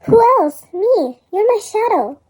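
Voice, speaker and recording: A woman's voice: very high-pitched, expressive, moderate pace, warm tone, pitched above the performer's own voice, poor audio. A woman voicing a bossy, snappy talking shadow girl in a fan drama reading. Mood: snappish.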